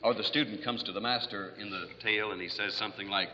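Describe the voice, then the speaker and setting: A man's voice: fairly low pitch, steady tone, quick pace, bright, forceful tone, slight background noise. A man giving a rambling lecture full of fillers, telling jokes with acted voices, in an old archival recording. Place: lecture hall. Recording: distant hall, dull archival lo-fi recording.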